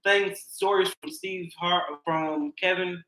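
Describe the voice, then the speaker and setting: A man's voice: sits high, steady tone, slow, bright, forceful tone. A young man co-hosting a podcast, laid-back and laughing often as he trades stories in casual chat. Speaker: podcast co-host. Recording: echoey room.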